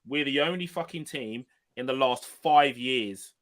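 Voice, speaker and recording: A man's voice: medium pitch, unhurried, a bit bright. A man co-hosting a football podcast, talking emphatically and swearing freely in casual chat. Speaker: podcast co-host.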